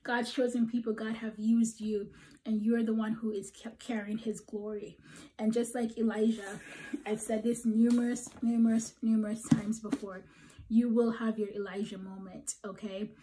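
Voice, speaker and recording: A woman's voice: fairly high pitch, flat delivery, normal speed, warm tone, slight background noise, low-quality recording. A woman preaching a prophetic encouragement message, emphatic and repeating "okay?", sometimes dropping to a whisper. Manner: emphatic, tags "okay?" after points, drops to whispers.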